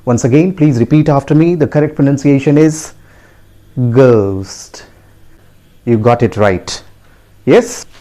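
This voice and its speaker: A man teaching pronunciation, slowly repeating each word and asking learners to repeat after him. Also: a little high, dark tone. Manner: slow, deliberate, repeats words and asks learners to repeat; frequent rising tag questions to the audience. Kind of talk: classroom lesson to camera.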